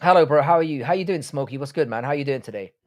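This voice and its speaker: A man's voice: fairly high pitch, very fast. A young man who grew up in the UK, hosting a live stream and reading out viewer comments in blunt, sweary casual chat. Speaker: livestream host.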